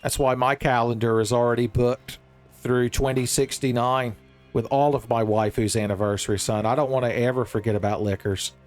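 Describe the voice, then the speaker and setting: A man giving casual, jokey let's-play commentary, rambling and breaking into excitable outbursts. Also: mid-range voice, normal speed, faint music behind. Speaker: gaming streamer.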